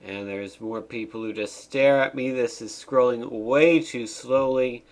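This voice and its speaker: A man streaming a game, giving casual commentary with wry, deadpan asides as he reads the game's text aloud. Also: mid-range voice, unhurried.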